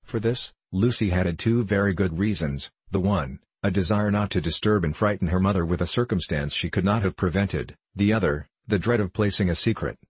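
A man reading a classic novel aloud as scripted narration, in a measured storytelling way. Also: low-pitched, husky, no room sound. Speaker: audiobook reader.

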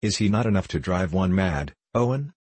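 A man's voice: low-pitched, expressive, moderate pace, darkish tone, dry recording. A man reading a stern old merchant father. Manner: curt and commanding. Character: stern, proud older male merchant father.

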